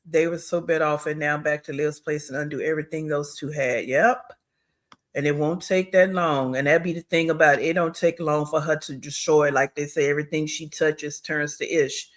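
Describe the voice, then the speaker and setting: A man's voice: a little high, fairly even intonation, moderate pace, a bit bright. A man hosting a reaction video, giving blunt, scornful commentary on a clip he is watching.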